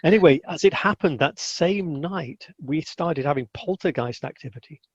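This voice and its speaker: A man's voice: on the high side, normal speed, slightly rough, no echo. A man being interviewed as a guest, telling stories casually, acting out the people he quotes and often restarting his sentences. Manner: animated, acts out quotes, many restarts. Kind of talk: casual storytelling. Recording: dull lo-fi dry recording.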